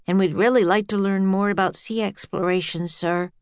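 A woman voicing Jack, a quiet, polite, curious young boy. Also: mid-range voice, fairly even intonation, moderate pace, smooth, no room sound, lightly acted.

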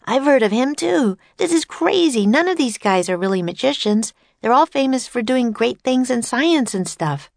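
A woman's voice: fairly high pitch, expressive, moderate pace, creaky, hardly any pauses, dry recording, studio quality, voice pushed up. Woman voicing an earnest young boy. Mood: excited.

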